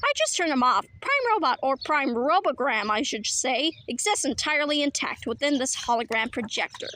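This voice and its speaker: A woman's voice: sits high, very animated, pushed and bright, slight background noise, heavily acted. Woman playing an eager scientist explaining. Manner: brisk, explanatory. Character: eager inventor scientist explaining her work. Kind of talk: children's book read-aloud.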